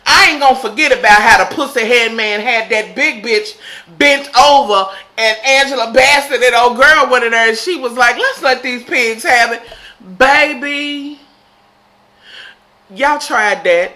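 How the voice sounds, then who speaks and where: A woman casually recapping a TV episode, swearing freely and shouting in disbelief. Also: on the high side, unhurried. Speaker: TV episode reviewer.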